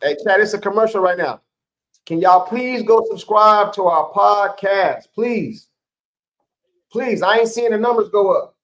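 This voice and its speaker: A man's voice: high voice, a little slow, a bit bright, poor audio. A man co-hosting a live sports stream, chatting casually in slang with his viewers and laughing often.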